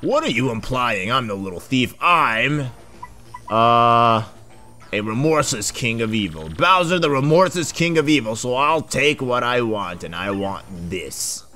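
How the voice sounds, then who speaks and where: A man voicing a gruff, boastful villain king in a video game. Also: medium pitch, sing-song, unhurried, pushed and bright, faint music behind.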